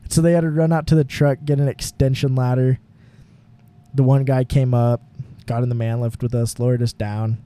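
A man's voice: medium pitch, level tone, moderate pace, warm tone, clear, resonant tone. A young man co-hosting a podcast, telling a long rambling story in casual chat, full of fillers and laughing often. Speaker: podcast co-host. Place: home garage.

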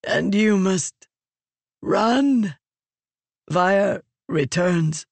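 A narrator voicing a dying ancient female Fused, croaking in slow, broken phrases for an audiobook. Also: medium pitch, no echo, voice pushed up. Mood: weak, urgent. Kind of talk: audiobook character reading.

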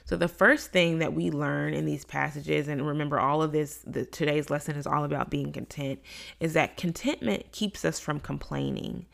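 A woman with a low-pitched voice and vocal fry teaches a casual Bible lesson at normal speed. She talks conversationally and acts out the complaints she quotes in lively voices.

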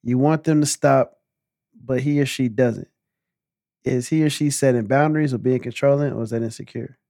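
A man hosting a casual group chat, asking questions in an animated, joking way and jumping in quickly. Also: medium pitch, vocal fry, no room sound, studio quality.

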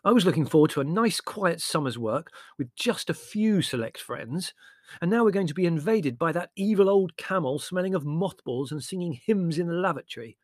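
A man voices a sardonic, theatrical young writer who speaks dramatically and sarcastically, sounding exasperated. His mid-range voice, pushed up but close to an everyday voice, has lively intonation and a moderate pace, recorded with clean studio sound and no echo.

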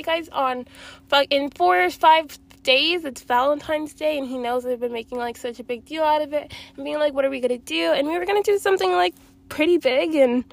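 High-voiced young woman, sad and rambling. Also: vocal fry. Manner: emotional, rambling, frequent swearing. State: sad, near tears. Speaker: vlogger. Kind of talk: confessional vlog.

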